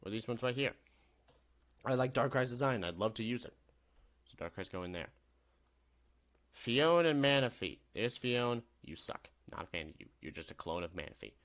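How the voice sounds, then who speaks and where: Medium-pitched and a bit bright, this young man's voice is expressive and moves at a normal speed with long pauses. He's a gaming YouTuber doing upbeat, meandering tier-list commentary and often correcting himself.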